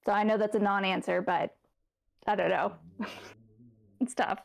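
A woman co-hosting a casual book club livestream, thinking aloud with pauses and ums. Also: mid-range voice, steady tone, gravelly.

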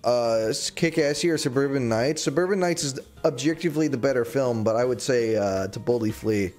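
A man's voice: medium pitch, fairly quick, a little mellow. A man livestreaming a game in casual chatter, joking around, reading chat aloud and breaking into sudden squeals and yelps.

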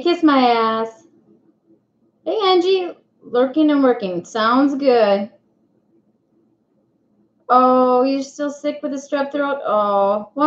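A woman hosting a casual live stream, chatting and greeting viewers one by one by name. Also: high-pitched. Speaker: livestream host. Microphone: webcam mic. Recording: echoey room, dull lo-fi sound.

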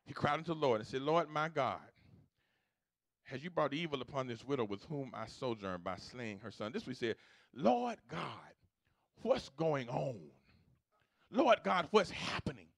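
A man preaching a sermon as pastor, moving from quiet storytelling to loud, repetitive exhortation. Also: mid-range voice, lively intonation, unhurried, gravelly, no room sound, studio quality. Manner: swings from hushed storytelling to loud preaching, repeats phrases. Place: church sanctuary.

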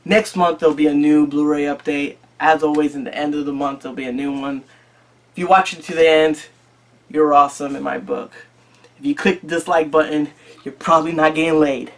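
A man's voice: a little high, fairly even intonation, fairly quick. Rambling, profane man vlogging. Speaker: YouTube collector channel host. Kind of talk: casual chat.

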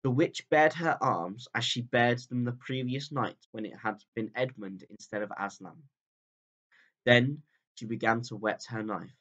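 In dull audio, a male teacher narrates a chapter of a children's book at a measured pace. He sounds calm and steady, with sentences trailing downward in pitch.

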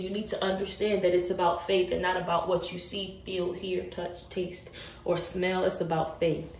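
A woman's voice: mid-range voice, steady tone, a little fast. A woman preaching to camera as a faith mentor, urgent and repetitive, firing off rhetorical questions. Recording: roomy room, distant mic.

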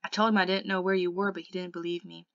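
Woman reads teen greaser boy: gruff, blunt, slangy, gravelly edge, audiobook reading. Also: lowish voice, flat delivery, fast talker, fairly bright tone, no echo, muffled recording. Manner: curt, slangy.

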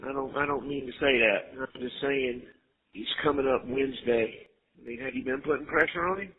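A man's voice: medium pitch, brisk, husky. Middle-aged man on a tinny phone line. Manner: insistent, coaxing, fatherly advice. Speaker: father on a jail phone call. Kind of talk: recorded phone call.

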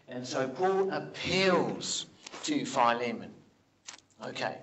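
An older man preaches at an unhurried pace, his voice sitting a little high for a man. He retells Bible stories with animated rhetorical questions and sinks to a hush when he speaks for the characters. A faint noise sits behind him. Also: rough recording. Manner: animated storytelling, drops to a hush for quoted lines; asks the congregation rhetorical questions. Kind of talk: sermon.

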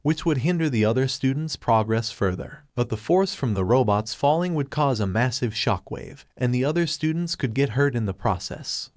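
A man narrating a fan-fiction story in an even, scripted reading voice, with little change for the characters. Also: medium pitch, no room sound, clean studio sound.

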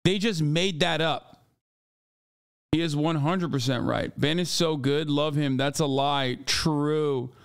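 A man's voice: on the high side, takes it slowly, clean tone, no room sound, clean studio sound. A man streaming a reaction to a debate clip, ranting in a heated, profane and sarcastic way at the clip and at his chat. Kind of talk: heated livestream reaction commentary.

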